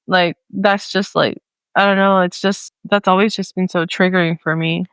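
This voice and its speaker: A woman's voice: on the low side, flat delivery, moderate pace, a bit bright, clear, resonant tone, no echo. A young woman co-hosting a podcast in a casual chat, chatty with lots of fillers. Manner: chatty, many fillers, acts out quoted voices. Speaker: podcast co-host.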